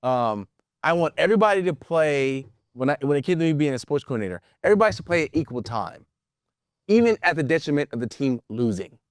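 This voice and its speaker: A high-pitched American man talks in a loose, rambling way on a casual podcast, stacking repeated words as he works through an idea. The sound is close and dry, with no room in it. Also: very animated, fast, no echo. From United States. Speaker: podcast co-host.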